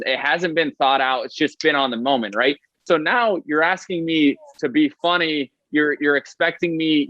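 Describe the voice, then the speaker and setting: Chatty young ballplayer, dull dry sound. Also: male voice, medium pitch, fairly bright tone, dry recording. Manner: fast, chatty, lots of fillers and "right?". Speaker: baseball player guest. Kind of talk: casual podcast storytelling.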